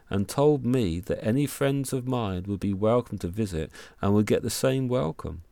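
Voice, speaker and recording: A man's voice: fairly low pitch, mellow, no room sound. A man voicing a sly, cheerful farmer who tricks his neighbours with boastful, persuasive tall tales.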